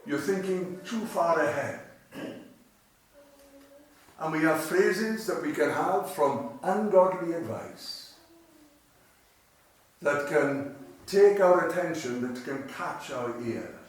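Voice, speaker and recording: A man's voice: fairly high pitch, expressive, takes it slowly, long pauses. A man preaching a sermon in a chapel, conversational and emphatic, repeating phrases and asking rhetorical questions. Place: cemetery chapel. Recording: echoey chapel, distant mic, faint noise.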